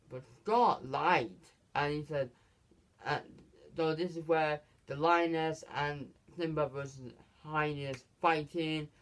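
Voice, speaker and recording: This is a casual movie reviewer who walks through the plot in a rambling, halting way. They stumble, restart lines and keep coming back to the same filler phrases. The pitch sits in an ordinary middle range. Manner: rambling plot retelling, repeats "basically" and "this is where".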